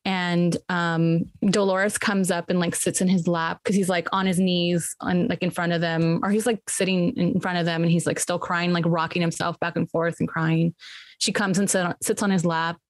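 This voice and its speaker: A woman retells a film scene by scene in a relaxed podcast chat. She voices the characters' lines herself and her pitch jumps up on the dramatic moments. Her voice sits a little low for a woman and sounds dry and close to the mic. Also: normal speed, dry recording. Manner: animated storytelling, acting out quotes with jumps in pitch. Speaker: podcast co-host recapping a film. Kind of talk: casual retelling of a film plot.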